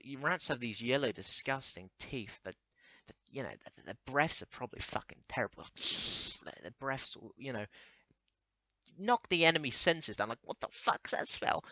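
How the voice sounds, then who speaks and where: A man's voice: medium pitch, bright, forceful tone, no echo. A young man rambling through a crude comedic monologue, stammering and restarting often.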